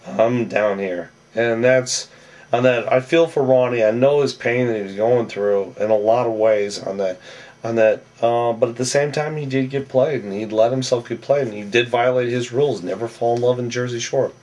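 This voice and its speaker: A man talks through a reality show episode in a loose, rambling way, keeps saying "on that", and jumps his voice up when he acts out what people said. His pitch sits in the middle for a man. He sounds a little set back from the microphone. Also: recorded from a distance. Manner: rambling, with a habit of "on that"; acts out the quoted lines in a raised, louder voice. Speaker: reality TV recap vlogger. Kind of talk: casual episode recap.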